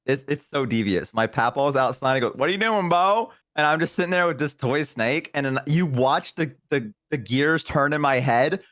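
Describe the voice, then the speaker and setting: A young man with a Southern US accent chatting casually on a stream, rambling through childhood stories and jumping into high voices to quote people. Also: moderate pace, few pauses, a bit bright, dry recording, studio quality. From American South. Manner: rambling, jumps into high voices when quoting. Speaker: stream co-host. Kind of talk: casual chat, storytelling.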